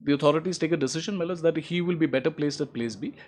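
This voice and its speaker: Emphatic advocate rebutting in court. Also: male voice, racing, darkish tone. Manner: formal and emphatic, repeats "my lords", rises in pitch to stress points. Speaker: advocate replying to opposing counsel. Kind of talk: courtroom legal argument.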